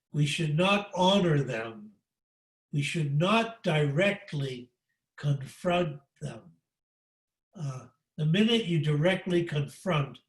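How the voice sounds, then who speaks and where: Halting older man teaching, echoey and distant. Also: fairly high pitch. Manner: halting, many fillers and restarts. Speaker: monk giving a spiritual talk. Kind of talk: unscripted spiritual teaching. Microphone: video call. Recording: echoey room, distant from the mic.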